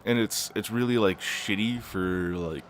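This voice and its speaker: A young man giving casual, rambling commentary while playing a racing game, swearing often and filling pauses with lots of ums. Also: lowish voice, slight background noise. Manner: rambling, swears a lot, many fillers. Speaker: gaming channel host.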